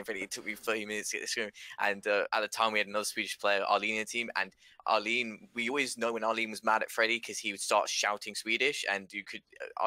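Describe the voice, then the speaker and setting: A man's voice: on the low side, pushed and bright, no room sound. A man answering interview questions about his esports team in an earnest, thoughtful way.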